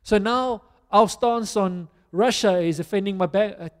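South African male preacher, animated storyteller, self-deprecating, high pitched, reverberant hall sound. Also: a little slow. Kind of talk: conversational sermon.

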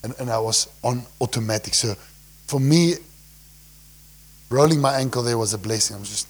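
In a brisk, husky delivery, a young male pastor with a South African accent moves back and forth between loud scripture-based outbursts and soft, low asides during his sermon.

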